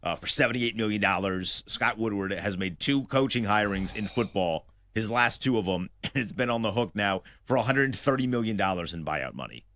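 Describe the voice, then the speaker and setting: A man's voice: lowish voice, expressive, moderate pace, few pauses, bright, forceful tone, dry recording. A man co-hosting a sports talk show, telling a college football story in a sarcastic way.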